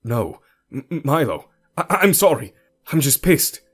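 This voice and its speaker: A man's voice: medium pitch, sing-song, a little slow, slightly rough, faint music behind, pitched above the performer's own voice, exaggerated voice. A man doing a defensive, restless young boyfriend. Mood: apologetic. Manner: defensive, sharp.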